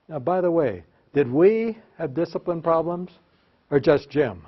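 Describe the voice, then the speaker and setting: A man's voice: a little high, expressive, unhurried. A man presenting a workshop to teachers, telling joking, self-mocking classroom anecdotes and leading the audience in repeating phrases. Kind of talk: storytelling lecture with audience call-and-response. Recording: slightly dull lo-fi recording.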